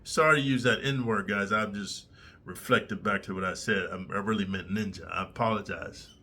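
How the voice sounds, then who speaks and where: Blunt, profane man with a bright, tense voice. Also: fairly low pitch, moderate pace, slight background noise. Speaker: storyteller, former prisoner. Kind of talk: casual storytelling to camera.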